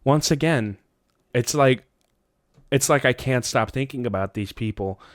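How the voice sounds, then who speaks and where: A man tells a long, meandering story on a podcast, swearing freely and popping into high voices when he quotes people. His voice is smooth and clear. The sound is dry and close. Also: a little slow, no echo. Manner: rambling, profane, jumps into high voices quoting people. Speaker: podcast host. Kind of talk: casual storytelling chat.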